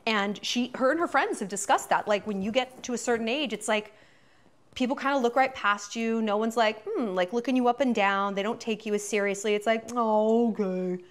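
A woman's voice: on the high side, brisk. A woman host in her thirties giving a chatty, profane commentary monologue full of fillers.

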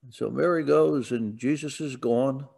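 Slow-speaking man preaching a sermon. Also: mid-range voice, gravelly, darkish tone, breathy edge. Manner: storytelling, rising to emphatic declarations. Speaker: pastor. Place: church sanctuary.

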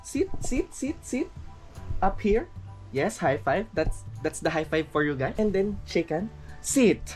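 A woman's voice: low voice, animated, unhurried, darkish tone, faint music behind. Chatty woman vlogging at home. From Philippines. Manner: chatty, giggly, addresses viewers as friends. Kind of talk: casual home vlog.

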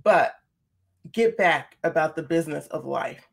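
A woman guest telling a personal story in an earnest, expressive, conversational way. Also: low voice, measured pace, creaky. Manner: expressive, earnest, talks through her feelings openly. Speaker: podcast guest.

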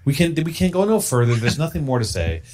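A man's voice: mid-range voice, sing-song, fast, darkish tone. A man hosting a podcast, enthusiastic and profane, joking with his guests. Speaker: podcast host. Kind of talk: casual chat.

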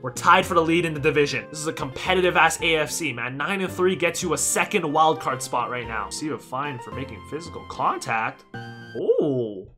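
A young man giving excited commentary over a football video game, yelling at his players and joking with viewers. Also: a little high, brisk, over music. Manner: hyped, yells at players, jokes to viewers. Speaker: gaming YouTuber.

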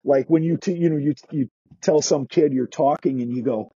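A man's voice: fairly high pitch, normal speed, dark tone, slightly rough, no room sound, dull audio. A man who teaches skating, talking casually in a podcast interview, restarting his sentences and acting out what kids say. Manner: chatty, restarts sentences, acts out quoted kids. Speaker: skating instructor.

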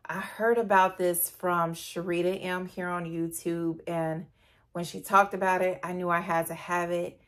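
A woman's voice: fairly low pitch, level tone, unhurried, fairly bright tone. A woman beauty vlogger chatting casually and gushingly to her viewers in a perfume review. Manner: gushing, chatty, addresses viewers as "you guys".

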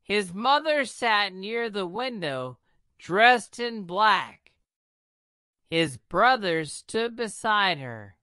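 A woman narrates a story very slowly and deliberately, pronouncing each word with care. Her voice is bright and smooth, with a lively rise and fall, recorded close in a dry space. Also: mid-range voice, no room sound. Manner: slow, deliberate, careful reading. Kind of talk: scripted narration of a graded reader.

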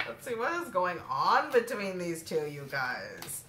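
A woman with a fairly low voice does a casual, chatty tarot reading, talking straight to her viewers. The room is echoey, and a steady noise of shuffled, clicking cards sits behind her voice. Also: normal speed, hardly any pauses. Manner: chatty, addresses viewers directly, breaks into laughter. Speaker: tarot card reader.

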